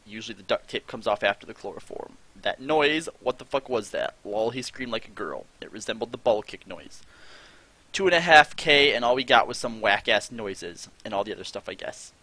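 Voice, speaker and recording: A man's voice: mid-range voice, a little fast, bright, forceful tone, no echo. A man live streaming, reading viewer chat aloud with dry, exasperated asides.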